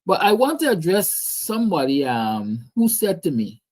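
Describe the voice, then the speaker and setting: A man with a Guyanese accent hosts a livestream in a high, slightly mellow voice, very animated at a moderate pace. He delivers impassioned, preachy political commentary and answers viewer comments.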